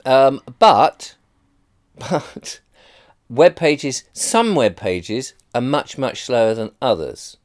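A man, rambling and sarcastic in a casual rant to camera. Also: mid-range voice.

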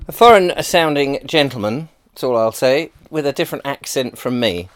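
A man's voice: mid-range voice, animated, moderate pace, hardly any pauses. A middle-aged man with an English accent, talking to camera in a chatty, rambling and self-deprecating way. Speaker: vlogger. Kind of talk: casual monologue vlog.

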